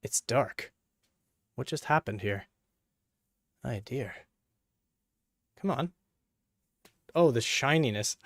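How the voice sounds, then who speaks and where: Gravelly-voiced man chatting through a build. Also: medium pitch, slow, pauses often, no room sound, studio quality. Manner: playful, jokey, talks to himself and viewers. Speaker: PC hardware video creator. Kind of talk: casual running commentary while working.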